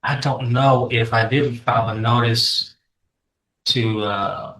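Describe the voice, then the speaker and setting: A man serving as prosecutor, his voice bright and rather flat in pitch. He addresses the bench formally and deferentially, explaining the notices he filed. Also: slow pace, low-quality recording. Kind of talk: courtroom proceedings. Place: courtroom.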